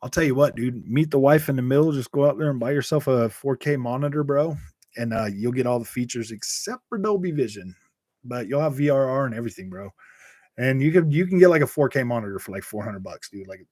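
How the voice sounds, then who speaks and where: A man's voice: mid-range voice, expressive, a little fast, a little mellow, dry recording, studio quality. A young man hosting a casual gaming livestream, rambling about consoles and answering chat, laughing often and calling everyone dude and bro. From Utah. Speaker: gaming channel host reading live chat.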